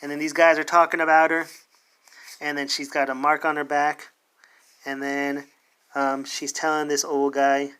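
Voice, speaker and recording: A male reviewer talks through a comic in a loose, sarcastic way and sounds openly exasperated. His voice is bright and forward. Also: on the high side, monotone, normal speed, long pauses, clear, resonant tone. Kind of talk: casual review, reading aloud.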